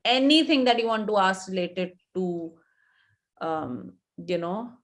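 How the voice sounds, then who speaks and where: A woman's voice: medium pitch, animated, measured pace. A woman with an Indian English accent, an image coach in her thirties, giving instructive advice in a live webinar and repeating her points for emphasis.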